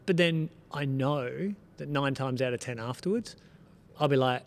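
A man's voice: medium pitch, moderate pace. A man speaking as a lifestyle coach guest on a podcast, telling stories bluntly and with energy, swearing freely. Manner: animated, blunt storyteller who swears freely. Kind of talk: casual podcast chat.

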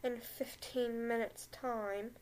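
A woman voicing a stern male potions professor with a slow, deep, mock British drawl. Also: fairly even intonation, darkish tone, a little hiss or hum.

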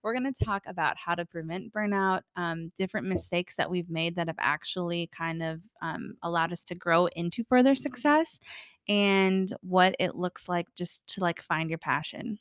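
A woman's voice: on the low side, moderate pace, no room sound, studio quality. Agreeable woman podcast co-host. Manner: agreeable, frequent affirmations. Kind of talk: casual chat.

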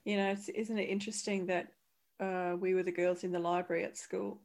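Woman in her thirties, podcast co-host, animated and giggly casual talk. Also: fairly low pitch, fairly quick. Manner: animated, laughing, restarts often. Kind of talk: casual chat.

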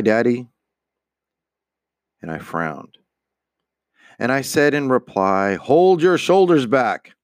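A man's voice: low voice, no room sound, studio quality. A man giving a dramatic reading of a father's remorseful letter, earnest in tone and sometimes stumbling and restarting a word. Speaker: reader.

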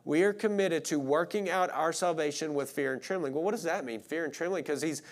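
Pastor with a brightish voice. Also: male voice, fairly high pitch, brisk. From Arkansas. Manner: casual, blunt, frequent "like" fillers. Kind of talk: conversational sermon.

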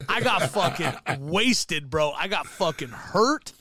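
A man's voice: a little high, slow, slight background noise. A man co-hosting a podcast, telling a profane comic story and acting out the people in it. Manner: profane, animated, acts out quoted voices. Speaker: podcast co-host. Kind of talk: casual comedic storytelling.

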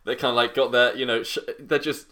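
A man's voice: mid-range voice, fairly even intonation, a little fast, sharp tone. A British man co-hosting a podcast, telling stories in a rambling, chuckling way. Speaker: podcast co-host. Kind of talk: casual chat.

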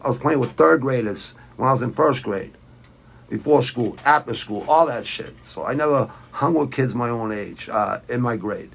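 A man's voice: medium pitch, vocal fry, breathy edge. A middle-aged man from Boston with a Boston accent, hosting a fight podcast in a blunt, rambling, profane rant while reading viewer comments. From Southwest Quincy, Massachusetts. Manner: blunt, rambling, heavy swearing. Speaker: podcast host.

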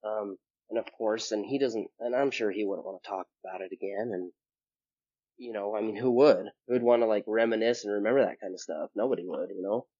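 A young man talks through a personal memory in a loose, rambling way, filling gaps with casual fillers. His voice sits a little low and the sound is dry and close. The recording is somewhat dull and muffled. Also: a little fast, warm tone, no room sound. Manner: rambling, filler-heavy, acts out quoted people in a raised voice. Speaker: interview guest. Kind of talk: personal storytelling in casual conversation.

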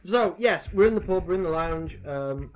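A man's voice: sits high, animated, normal speed. A man running a tabletop game and telling jokes in a rambling, chatty way. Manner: rambling, chatty, acts out characters in the joke. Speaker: game master.

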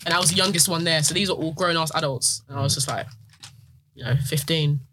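Fast-talking young woman. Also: low voice, a bit bright, slight background noise. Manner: fast and chatty, lots of fillers. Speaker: wrestler guest. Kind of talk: casual podcast chat.

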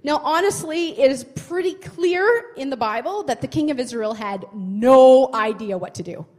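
A woman retelling a Bible story in a chatty, expressive way, often asking the listener questions. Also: high voice, normal speed. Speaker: Bible teacher. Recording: long hall reverb.

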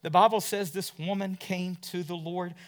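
A man preaching a sermon and retelling scripture stories, swinging from loud, urgent passages to hushed asides and asking his listeners question after question. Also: high voice, fairly even intonation, moderate pace. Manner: asks the listeners many questions.

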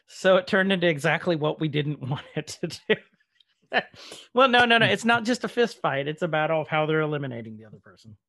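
A man with a slightly high voice co-hosts a casual podcast. He talks in an animated, playful way and laughs often as he argues his side. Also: a little fast. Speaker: podcast co-host. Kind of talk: casual chat.

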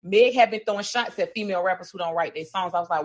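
A woman's voice: on the low side, fast talker. A woman co-hosting a casual podcast, telling celebrity gossip with lots of profanity and acted-out quotes. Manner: animated storytelling, acting out quotes, heavy profanity. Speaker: podcast co-host.

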